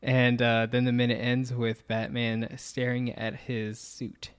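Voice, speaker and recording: A man hosting a casual podcast, easygoing, steering the conversation and thinking out loud as he goes. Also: mid-range voice, completely flat delivery, a little slow, clean tone. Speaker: podcast host.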